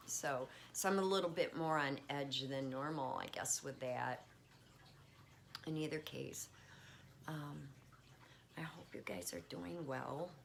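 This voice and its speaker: Casual home vlogger, woman, deep and a bit creaky, faint room hiss. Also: slow, pauses often. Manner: chatty, warm toward her pets, frequent fillers. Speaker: spiritual vlogger. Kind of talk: casual check-in chat. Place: at home with pets.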